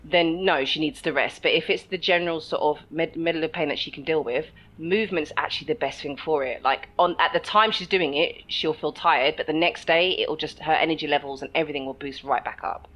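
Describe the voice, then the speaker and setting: A woman's voice: deep voice, fairly quick, few pauses, a bit bright, low-quality recording. A woman co-hosting a podcast, chatting casually and animatedly, often laughing and acting out quoted voices. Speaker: podcast co-host. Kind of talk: casual chat.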